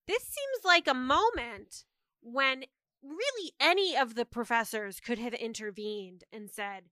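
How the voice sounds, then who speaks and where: A woman co-hosting a podcast, recapping a book chapter in animated, casual chat. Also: a little high, unhurried, dry recording. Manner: animated storyteller, acts out quotes. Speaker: podcast co-host.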